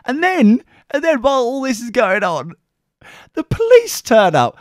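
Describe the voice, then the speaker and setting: English man, young, sweary storyteller, lively pitch, dry close sound. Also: moderate pace, no echo. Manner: sweary, animated anecdote with mimicked voices. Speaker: podcast co-host. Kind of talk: casual storytelling chat.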